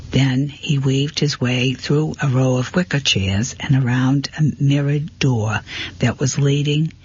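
A man narrating a first-person mystery story in a steady, plain manner, on a dull, lo-fi recording. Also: mid-range voice, husky. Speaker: audiobook narrator. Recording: dull, lo-fi, dry.

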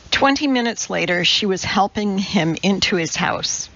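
A woman narrating an audiobook in a measured, even storytelling manner. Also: on the low side, creaky, highs cut off. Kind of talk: scripted narration.

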